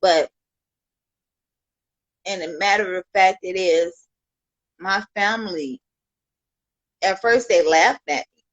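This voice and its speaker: A woman's voice: fairly low pitch, slow pace, pauses often, no room sound, dull audio. A woman from Chicago on a livestream, talking with heartfelt, rambling thanks to her viewers and peppering her talk with "you know". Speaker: livestream host.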